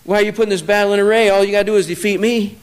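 A man's voice: high-pitched, steady tone, racing, clean tone, natural voice. A man preaching a sermon voices a scornful male giant warrior who taunts an army. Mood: taunting.

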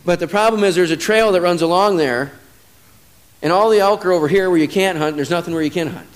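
High-voiced man preaching a storytelling sermon. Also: quick pace. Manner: storytelling, swings from low and quiet to loud emphatic peaks.

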